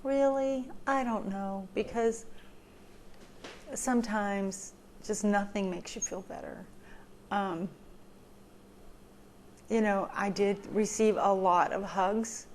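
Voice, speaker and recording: A woman's voice: medium pitch, fairly even intonation, takes it slowly, pauses often, a little hiss or hum. A woman in a heartfelt personal talk, sharing advice in an earnest, emotional way, with many ums and repeated phrases for emphasis. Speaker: vlogger sharing recovery advice.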